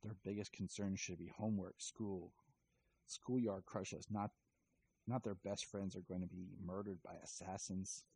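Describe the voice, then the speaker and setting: A man's voice: low-pitched, level tone, measured pace, dark tone, husky, exaggerated voice. A man voicing an earnest adult male superhero in a loose, casual retelling.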